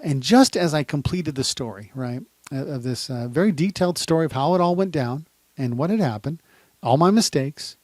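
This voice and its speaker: A man, a private investigator, telling a story in a lively, dramatic way and acting out the shouted lines in a high voice. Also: dry recording, clean studio sound. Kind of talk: animated storytelling, reenacting events. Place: indoors, standing.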